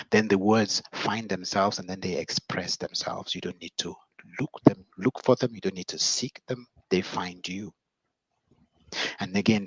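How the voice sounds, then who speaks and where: Man giving measured relationship advice. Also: low voice, husky, no echo. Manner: measured, preacherly, reflective. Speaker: relationship coach. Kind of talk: motivational advice talk. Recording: dull, dry lo-fi sound.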